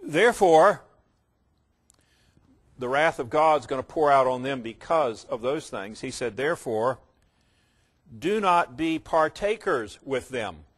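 A man preaching a sermon, emphatic, slowing down to stress key words and mimicking casual believers in quick asides. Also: mid-range voice, animated, slightly rough.

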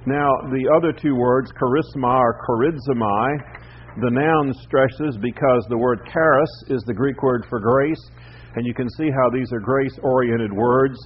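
A man preaching a teaching sermon, speaking in a measured way with frequent "uh" pauses. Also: mid-range voice, husky. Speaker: pastor. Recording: slightly dull recording with faint background noise.

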